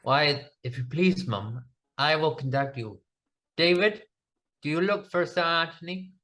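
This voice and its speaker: A man's voice: a little high, a little slow, a bit bright. A man playing an obliging young male servant, polite and deferential. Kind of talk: stage comedy acting.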